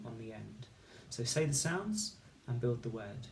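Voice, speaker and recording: A man teaching a recorded phonics lesson, sounding out words slowly and clearly, one sound at a time. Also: medium pitch, expressive, slight background noise. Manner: slow, clear, patient instruction with sound-by-sound segmenting. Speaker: primary school teacher.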